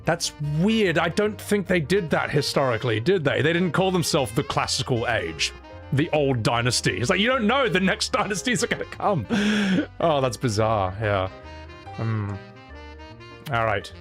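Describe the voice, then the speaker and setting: A man's voice: a little high, very animated, normal speed, fairly bright tone, soft background music. A young man chatting casually on a live stream, rambling, swearing and laughing often.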